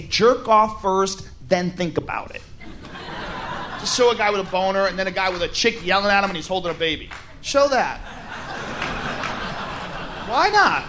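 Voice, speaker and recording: A male stand-up comedian performing a loud, animated set, shouting punchlines and acting out bits. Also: high voice, background noise.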